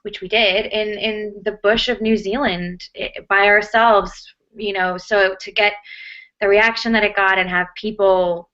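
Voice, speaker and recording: A woman's voice: medium pitch, steady tone, unhurried, fairly bright tone. An American woman answering interview questions casually, chatty with lots of fillers and restarts. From United States. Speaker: actress, interview guest. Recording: muffled lo-fi audio.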